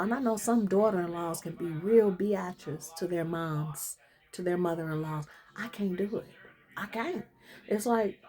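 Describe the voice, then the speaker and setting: A woman's voice: fairly low pitch, warm tone. Chatty middle-aged woman vlogging. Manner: chatty, emphatic, laughs often, slangy. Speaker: vlogger caring for her mother-in-law. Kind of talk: casual reflective monologue.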